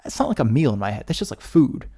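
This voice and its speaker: A man co-hosting a podcast in casual chat, joking and rambling with quick restarts. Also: mid-range voice, huge pitch swings, gravelly, dark tone, slightly rough. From United States. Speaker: podcast co-host.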